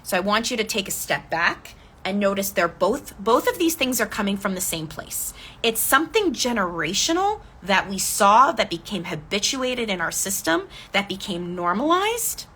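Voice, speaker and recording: A woman speaking as a decluttering coach in a live coaching talk, gently guiding listeners through reflection and answering their comments. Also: mid-range voice, very animated, normal speed, slight background noise. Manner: gentle, inviting, reads viewer comments aloud.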